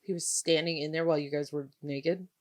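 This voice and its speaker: A woman's voice: low-pitched, steady tone, brisk, a little mellow. A woman in her twenties co-hosting a podcast, telling stories in a sarcastic, casual way and swearing freely. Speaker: podcast co-host. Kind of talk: casual chat.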